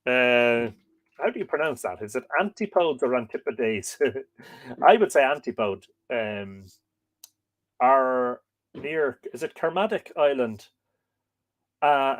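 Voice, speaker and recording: This livestream host from Ireland has a mid-range voice and is recorded with no room sound. He reads a history book aloud and chats with viewer comments in a loose, rambling way.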